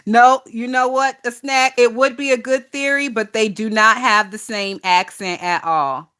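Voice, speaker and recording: Bright-voiced profane gossip host. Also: female voice, a little high, fairly even intonation, unhurried, clean tone. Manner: chatty, profane, laughs often, talks to chat. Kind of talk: casual livestream gossip chat.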